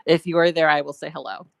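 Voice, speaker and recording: A woman hosts a live call-in show in a relaxed, chatty way. She reassures her callers in a friendly tone, close to a dry mic with no room sound. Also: sits low, creaky, no room sound. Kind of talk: casual live call-in chat.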